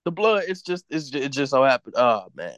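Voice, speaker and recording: A man's voice: medium pitch, sing-song, a little fast, a bit bright, no echo. A man co-hosting a podcast, ranting bluntly and cursing freely in casual chat. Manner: blunt, profane, heated ranting. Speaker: podcast co-host.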